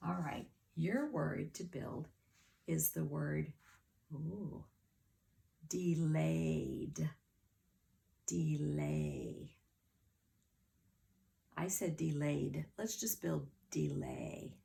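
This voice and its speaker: Slow, gravelly woman teaching phonics. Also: low-pitched, warm tone, a little hiss or hum. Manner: slow, clear word-by-word spelling with claps and sounding out. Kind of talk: children's phonics lesson.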